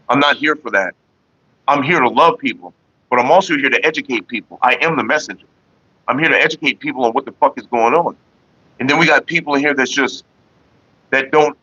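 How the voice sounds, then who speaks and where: A man's voice: fairly high pitch, bright, forceful tone, no echo, muffled recording. A man hosting a casual livestream, talking bluntly and profanely straight to his viewers. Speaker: livestream host.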